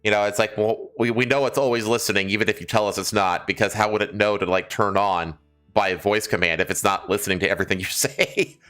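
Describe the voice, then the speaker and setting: A man's voice: on the low side, fairly even intonation, quick pace, fairly bright tone, clean tone, faint music behind. A man co-hosting a podcast, rambling and swearing in casual chat and laughing easily. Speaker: podcast co-host.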